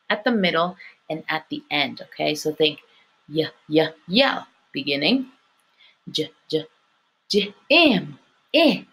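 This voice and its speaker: A woman's voice: mid-range voice, bright, forceful tone. A woman teaching an elementary school phonics lesson, patient, sounding words out and checking in with "okay" after each point. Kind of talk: recorded online phonics lesson.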